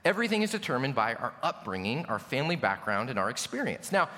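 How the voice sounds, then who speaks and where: A man's voice: medium pitch, big pitch swings, fast, pushed and bright. An American man, a pastor, preaching an earnest, emphatic sermon full of rhetorical questions. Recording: long hall reverb.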